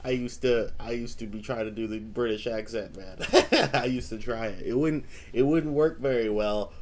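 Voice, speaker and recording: A man hosts a reaction video and chats loosely between clips. He speaks at a middling pitch and talks straight to his viewers. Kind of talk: casual reaction commentary.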